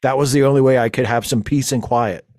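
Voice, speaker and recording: A man's voice: medium pitch, fairly even intonation, quick pace, a little mellow, no room sound, clean studio sound, close to an everyday voice. A man playing a flustered, rambling space-fleet lieutenant who stammers through a comedic audio monologue.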